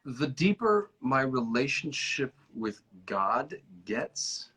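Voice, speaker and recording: A man hosting a casual chat over a video call, telling stories animatedly and sometimes slowing down to reflect. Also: mid-range voice, slightly rough, poor audio. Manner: animated storyteller, often stretching out reflective phrases. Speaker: host.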